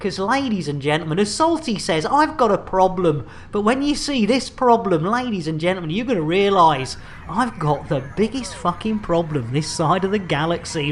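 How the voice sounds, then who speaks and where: A man's voice: high-pitched, expressive, normal speed, hardly any pauses, a little hiss or hum. A man streaming a space game, rambling and joking with repeated catchphrases. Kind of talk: live-stream commentary.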